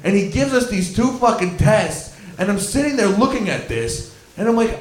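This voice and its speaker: A man's voice: high voice, animated, normal speed, roomy sound. A young man from Scarborough doing a stand-up comedy set, rambling and swearing through his stories with lots of fillers. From Scarborough, Toronto. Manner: rambling, profane, filler-heavy storytelling. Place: comedy club venue.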